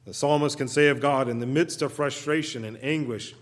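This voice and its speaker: A man preaching a sermon as a guest preacher, in an earnest manner that swells into loud pleading when he voices the psalmists' cries, with occasional restarts. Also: medium pitch, a little fast, few pauses, long reverb tail. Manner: occasional restarts and repeated words. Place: church sanctuary.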